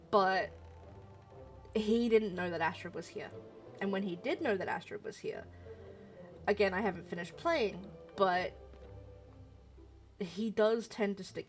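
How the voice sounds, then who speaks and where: A woman streamer chatting frankly and with strong opinions while playing a video game. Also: medium pitch. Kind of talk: casual game commentary.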